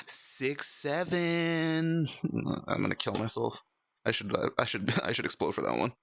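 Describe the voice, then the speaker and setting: A young man streaming in VR, chatting casually with viewers, animated and laughing often. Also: lowish voice, moderate pace, gravelly, husky, dry recording. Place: VR chat stream at home.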